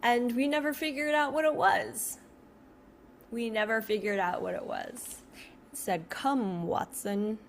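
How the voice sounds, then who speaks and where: A woman's voice: fairly high pitch, steady tone, a little slow, a little hiss or hum. A woman telling her own story casually to the camera, rambling and restarting, filling her talk with "like.". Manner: rambling, heavy use of "like", frequent restarts. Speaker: video creator.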